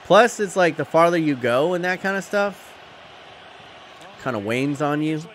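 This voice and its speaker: Lively young man chatting on stream. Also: on the high side, a little slow, slight background noise. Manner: rambling, chatty, profane, laughs at chat. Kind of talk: casual live-stream chat.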